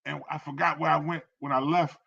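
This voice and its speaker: Podcast co-host, man, bright tense voice, jokey and profane, lo-fi sound. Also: fairly high pitch, little pitch movement, fairly quick, vocal fry, breathy edge. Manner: joking, profane storytelling. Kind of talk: casual chat. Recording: dull lo-fi sound.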